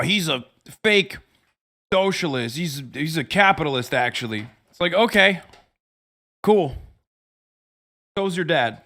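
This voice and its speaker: A man in his thirties ranting profanely on a livestream, often switching into loud mocking voices. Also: on the high side. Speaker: streamer reacting to videos. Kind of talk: casual livestream commentary.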